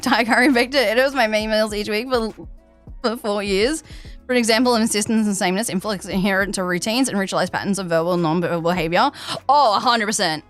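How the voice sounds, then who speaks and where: A young Australian woman plays a game on stream, chatting in a rambling way and responding to her chat through a headset mic. Her voice is medium-pitched with a fairly bright tone.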